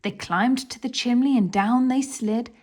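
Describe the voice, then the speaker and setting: A woman reading a children's picture book aloud in an expressive voice, dropping to a whisper for some passages. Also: on the high side, measured pace. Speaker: children's story reader.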